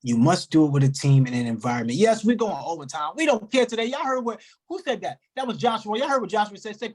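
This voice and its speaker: Animated host on a group video call. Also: fast, few pauses. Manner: animated, shifting pitch, slangy, talks to the group directly.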